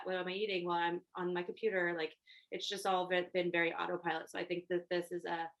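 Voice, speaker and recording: Woman podcast host, fairly low voice, effusive casual chat. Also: monotone, fast. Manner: gushing, effusive.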